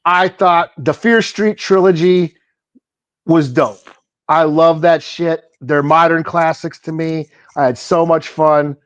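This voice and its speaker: A laid-back man talking on a podcast, his voice sitting high for a man and his pace unhurried. He sounds dry and close to the mic, with casual slang throughout. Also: steady tone, no echo, lo-fi sound. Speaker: podcast co-host. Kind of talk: casual chat.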